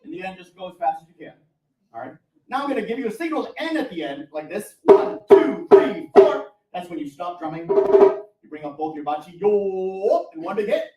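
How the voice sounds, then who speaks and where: A man's voice: high voice, big pitch swings, a little fast. A man teaching taiko drumming to a live audience, upbeat and encouraging, cracking self-deprecating jokes as he talks them through it. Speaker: taiko instructor. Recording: echoey room from far off, faint music.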